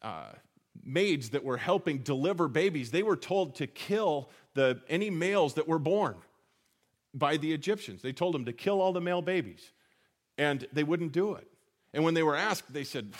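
A man's voice: fairly high pitch, expressive, moderate pace, pauses often. A man preaching a sermon in a conversational teaching manner, asking rhetorical questions and correcting himself as he goes. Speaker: pastor.

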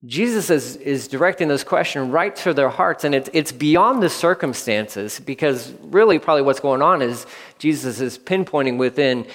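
A man's voice: a little high, in a large hall. A male pastor preaching a sermon, telling the story vividly and repeating key lines for emphasis.

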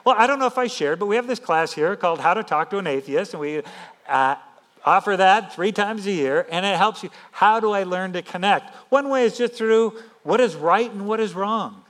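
High-voiced man preaching with emphatic energy. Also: moderate pace. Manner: animated, emphatic, conversational preaching. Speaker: pastor. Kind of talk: sermon.

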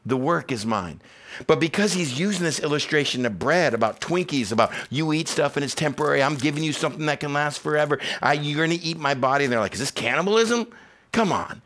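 A man's voice: fairly high pitch, quick pace, a bit bright. Impassioned male pastor preaching. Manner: preaches with rising intensity, repetitive emphasis; dramatizes quoted voices in conversational asides. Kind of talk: sermon.

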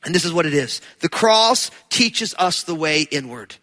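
A pastor from New Jersey with a high, bright, ringing voice. He talks to the congregation in a loose, chatty way, then swells into loud, emphatic preaching. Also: lively intonation, moderate pace. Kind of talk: sermon.

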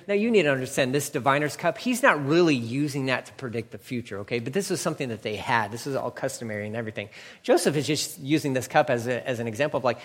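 Reading scripture during a sermon, this preacher keeps stepping away for offhand, forceful remarks that hammer home the main ideas again and again. His medium-pitched voice is lively, fast and a bit bright, with a big-room sound.

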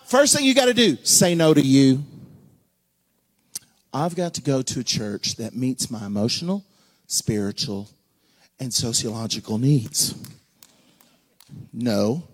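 A man preaching a sermon, folksy and joking, with sudden shouts and hushed asides. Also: medium pitch, slightly rough. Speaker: pastor.

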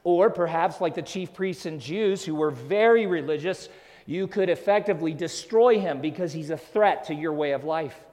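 Pastor preaching in a reverberant hall. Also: male voice, a little high, normal speed. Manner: swells loud on key phrases, drops to hushed tones. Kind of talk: sermon. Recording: long reverb of a large hall.

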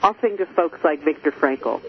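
An expressive woman hosts a conversational interview, leaning hard on her points and speaking straight to her listeners. Her voice comes through muffled and lo-fi, with a faint hiss running under it. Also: low-pitched, moderate pace. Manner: emphatic, expressive, addresses listeners directly. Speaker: host.

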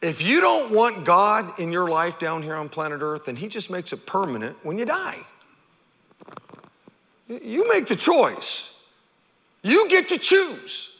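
A male pastor preaching an animated sermon, stammering over repeated words and pausing for effect. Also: sits high. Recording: long hall reverb.

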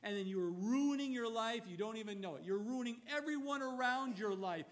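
A male pastor preaching a sermon in a church, telling the story dramatically and swinging between loud emphatic bursts and quiet low asides. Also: expressive, a little fast.

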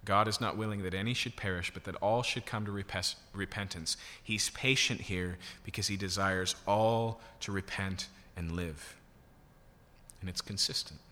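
A male pastor preaches a sermon, teaching conversationally and asking rhetorical questions. His voice sits on the low side but sounds bright and forceful. A long reverb trails each phrase, as in a church hall. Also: moderate pace.

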